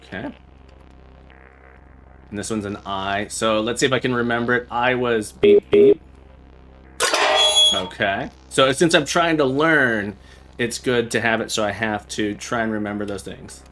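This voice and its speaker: A man's voice: on the low side, normal speed, loud music behind the voice, rough recording. A man hosting a livestream, playing a game and thinking aloud as he sounds out Morse code beeps. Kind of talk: casual livestream chat while playing.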